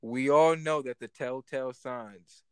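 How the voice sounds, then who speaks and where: A man's voice: medium pitch, unhurried, clear, resonant tone. A man co-hosting a casual podcast chat, talking animatedly, swearing and repeating himself as he jokes. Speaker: podcast co-host.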